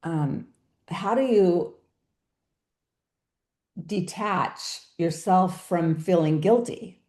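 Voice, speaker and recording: A woman's voice: lowish voice, very slow, mellow, echoey room. A woman hosting a webinar interview, asking thoughtful questions over a video call. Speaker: webinar host.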